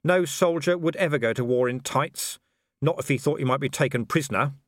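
A man's voice: medium pitch, brisk, dry recording, voice pushed up, close to an everyday voice. Guy doing a wry dodgy watch captain, middle-aged, a bit raised, dry delivery. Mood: evasive. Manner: dry and evasive. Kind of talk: audiobook character voice.

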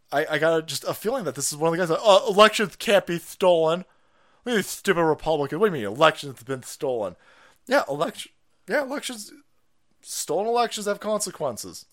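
A man hosting a stream, ranting loudly about politics with constant swearing and bursts of laughter. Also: a little high. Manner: loud, swearing, laughing at his own jokes. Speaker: stream host. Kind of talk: profane political rant.

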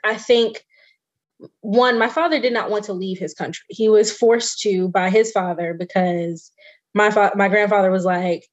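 A woman co-hosting a casual podcast chat, telling family stories in an animated way. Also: medium pitch, moderate pace, dull audio. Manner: animated storytelling, mimics relatives' voices. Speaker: podcast co-host.

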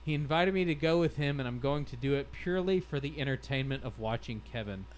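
A man's voice: medium pitch, animated, fast, slight background noise, rough recording. A man hosting a casual podcast, reading stories aloud in a wry, amused way and laughing as he goes. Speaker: podcast host.

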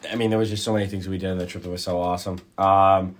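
Quick young man with a low voice. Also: little pitch movement. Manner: hesitant, many fillers. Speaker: guest. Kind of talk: casual studio chat.

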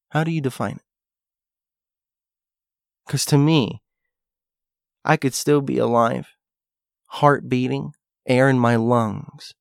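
A man's voice: mid-range voice, creaky, dry recording, clean studio sound. A man talking through a rambling, musing monologue, thinking aloud with restarts and asides. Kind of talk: casual monologue.

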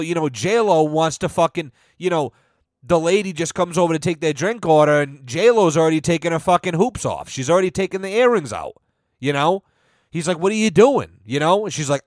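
A man hosting a comedy podcast, ranting casually and profanely, filling every pause with "you know" and acting out quoted people. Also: dry recording. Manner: acts out quoted voices with big pitch swings. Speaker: podcast host.

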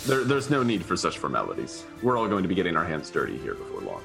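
A man's voice: low-pitched, huge pitch swings, fast talker, gravelly, over music. A man playing a tabletop role-playing game, stammering and laughing easily. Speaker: player. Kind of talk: casual tabletop play.

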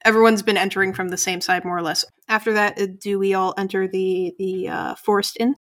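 A woman's voice: medium pitch, flat delivery, brisk, a bit bright. Woman narrating a tabletop game. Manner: casual, loose narration with fillers. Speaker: game master.

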